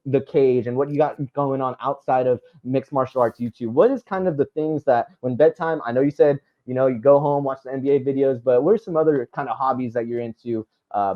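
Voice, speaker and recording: A man's voice: medium pitch, highs cut off. A man hosting an interview, asking long rambling questions. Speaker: podcast host. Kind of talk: casual interview.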